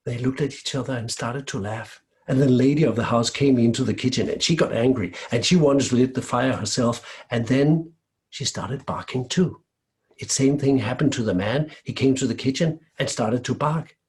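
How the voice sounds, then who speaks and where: A man from Denmark telling a folk tale aloud in a lively, expressive way. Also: mid-range voice, moderate pace. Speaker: storyteller. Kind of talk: oral folk-tale storytelling.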